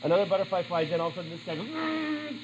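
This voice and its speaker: A man's voice: a little high, fairly even intonation, very fast, noisy background. Chatty man teaching a class. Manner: chatty, asks the class questions. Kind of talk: classroom lesson.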